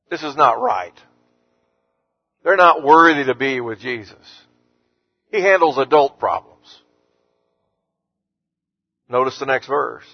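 A pastor preaches a sermon in a slightly high voice, captured with dull audio. He speaks earnestly, rising to emphatic force when quoting the words of Jesus from scripture.

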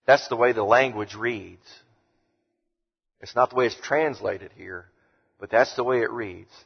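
A man preaching a sermon emphatically, slowing down to read verses. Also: on the low side, creaky, slightly rough. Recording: dull lo-fi sound with long hall reverb.

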